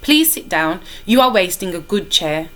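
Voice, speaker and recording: A smug French police commissioner, all threat under polite words, his thick accent pitched a little higher than a man's as a woman reading aloud puts him on. He is calm and cold, and he speaks from the classroom reading. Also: normal speed. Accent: put-on French. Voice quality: thick accent, smooth and menacing.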